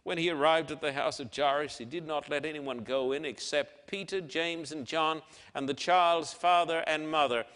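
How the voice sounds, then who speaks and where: A man preaching a dramatic sermon and reading scripture, swinging between loud declarations and hushed, soft passages. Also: fairly high pitch, steady tone, moderate pace, in a large hall.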